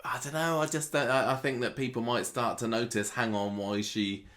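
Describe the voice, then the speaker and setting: A man's voice: mid-range voice, fairly even intonation, a little fast, fairly bright tone. A man co-hosting a casual podcast, wry and musing, often hesitant. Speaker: podcast co-host. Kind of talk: casual soap recap chat.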